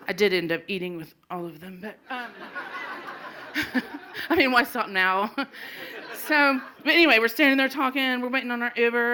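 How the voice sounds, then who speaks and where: A woman's voice: sits high, normal speed, bright, forceful tone. A woman telling a true comic story on a live stage, laughing through her lines and acting out the people she quotes. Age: 40s. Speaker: storyteller comedian. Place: small live venue stage.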